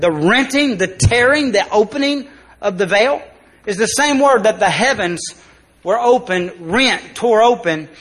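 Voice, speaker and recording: A man preaching a church sermon, swinging between loud, rising appeals and quiet, lowered asides. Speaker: pastor. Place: church sanctuary.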